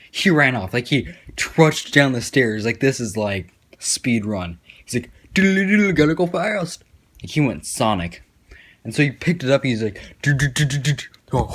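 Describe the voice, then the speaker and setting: A young man telling a sarcastic, profane story as casual commentary over gameplay. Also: fairly low pitch. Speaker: gaming commentator.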